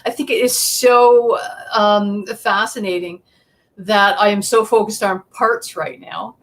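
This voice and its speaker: A woman's voice: mid-range voice, steady tone, slow pace. A woman hosting an interview show, chatty and full of fillers. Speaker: show host. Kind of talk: casual interview chat.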